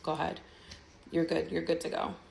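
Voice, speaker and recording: A woman's voice: deep voice, flat delivery, moderate pace, gravelly, a little mellow, slight background noise. Woman doing an uneasy male librarian.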